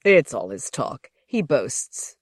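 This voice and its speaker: A woman reading the part of a dignified male captain who speaks stiffly and low. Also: very animated, takes it slowly, dry recording, clean studio sound, exaggerated voice.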